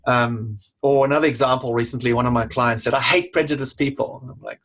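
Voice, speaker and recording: Blunt husky-voiced man. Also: mid-range voice, steady tone, fast talker, hardly any pauses, a bit bright. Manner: blunt, emphatic, swears casually. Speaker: leadership coach and author, podcast guest. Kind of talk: casual interview talk.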